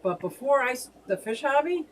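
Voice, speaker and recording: A woman's voice: high-pitched, expressive, fairly quick, recorded from a distance, slight background noise, rough recording. A woman co-hosting a casual fish hobby live stream, chatting and laughing as she reads out viewer comments.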